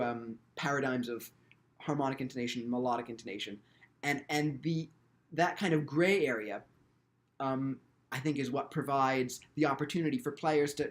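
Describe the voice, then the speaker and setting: Thoughtful man explaining violin technique. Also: on the high side. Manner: thoughtful, frequent restarts and ums. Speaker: violin teacher. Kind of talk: instructional video lecture.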